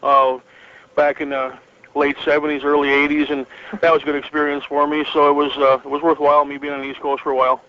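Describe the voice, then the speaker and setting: A middle-aged man from northern Michigan reminisces in a loose, rambling way, full of fillers and restarts. His pitch sits a little high but barely moves. The audio sounds muffled and lo-fi, like a phoned-in interview. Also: completely flat delivery, fast, clear, resonant tone. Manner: rambling, many fillers and restarts, chuckles often. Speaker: interview guest, retired pro wrestler. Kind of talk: relaxed storytelling interview.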